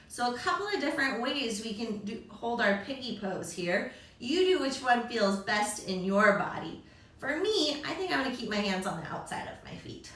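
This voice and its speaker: This kids yoga teacher, a young woman, sounds a little high, bright, and forceful as she encourages the children cheerfully. She makes animal noises along with the poses, and the echoey room was picked up by a distant mic.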